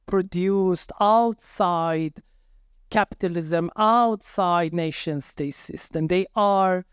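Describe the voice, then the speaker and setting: A man speaking as a researcher on a conference panel, halting and searching for words in a measured way. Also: high-pitched, clear, resonant tone, no room sound, clean studio sound. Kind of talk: academic panel discussion.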